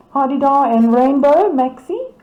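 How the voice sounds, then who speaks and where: A woman's voice: sits high, echoey room, highs cut off. A woman, casually commenting on club photos as she reads out titles and names, amused and laughing often. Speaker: camera club presenter.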